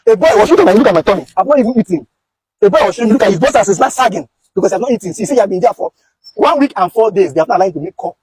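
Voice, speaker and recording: A man's voice: high-pitched, expressive, very fast, darkish tone, breathy edge, no room sound. A young Nigerian man with a Nigerian accent, making an urgent, pleading direct-to-camera appeal and repeating phrases. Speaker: content creator recounting police detention.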